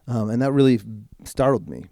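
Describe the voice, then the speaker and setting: Dark-voiced man telling a candid story. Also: medium pitch, expressive, no echo, studio quality. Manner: frank and casual, swears freely; slows right down for emphasis. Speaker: podcast guest. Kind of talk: candid personal storytelling in conversation.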